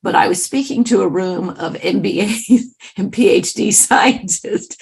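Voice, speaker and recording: A woman author and speaker telling a story in a lively, conversational interview, with asides to her listeners. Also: mid-range voice, measured pace, gravelly, few pauses, husky.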